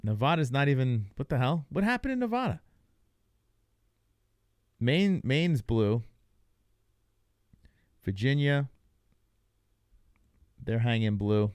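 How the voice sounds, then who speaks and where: A man's voice: mid-range voice, very animated, takes it slowly, pauses often, darkish tone, clear, resonant tone, no room sound, clean studio sound. A young man hosting a live stream, reacting to results in loose, joking chatter and talking to his chat. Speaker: livestream host. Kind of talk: casual live reaction commentary.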